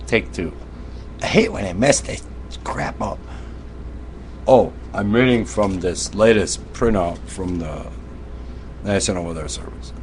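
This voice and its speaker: A man reading a mock weather bulletin in a deadpan way, rambling through a list with slips. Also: sits low, measured pace, long pauses, a little hiss or hum. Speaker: comedy video maker.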